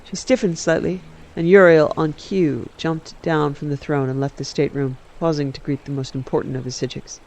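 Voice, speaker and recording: Relaxed man reading a story aloud. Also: fairly high pitch, normal speed, few pauses, slight background noise. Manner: relaxed, self-correcting. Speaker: game streamer reading an in-game book. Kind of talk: casual read-aloud narration.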